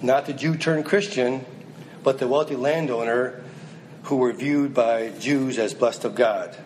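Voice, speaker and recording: A man's voice: medium pitch, unhurried, darkish tone, a little hiss or hum, rough recording. A man preaching a sermon, reading scripture aloud and then pressing his listeners with direct, rising exhortations.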